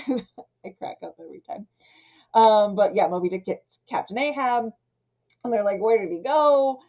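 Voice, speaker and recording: A woman in her thirties casually ranting about an old film, retelling scenes and slipping into quick character voices. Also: mid-range voice, phone-quality sound. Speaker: film commentator. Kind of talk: casual movie rant.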